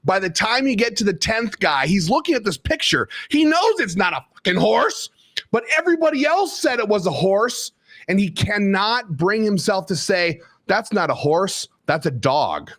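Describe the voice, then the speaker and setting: A man with a somewhat high voice holds forth as a podcast co-host, emphatic and rambling as he builds his stories. His talk is opinionated political chat. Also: big pitch swings, normal speed, a bit bright.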